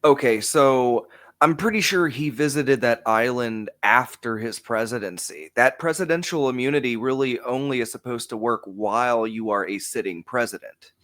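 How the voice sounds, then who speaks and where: A man in casual podcast chat, speaking in a relaxed way with frequent "like" fillers. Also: mid-range voice, normal speed.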